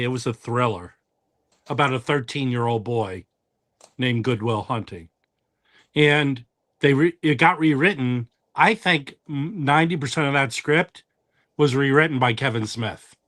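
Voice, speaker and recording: A man on a live stream video call who talks haltingly, often restarting his sentences. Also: mid-range voice, a bit bright, no room sound. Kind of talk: casual group chat on a video call.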